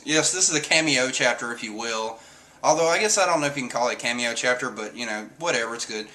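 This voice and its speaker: A man streaming casual talk, animated, cursing now and then. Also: medium pitch, fairly quick. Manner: animated, swears, acts out quotes. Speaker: streamer reviewing a comic chapter. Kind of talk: casual chat.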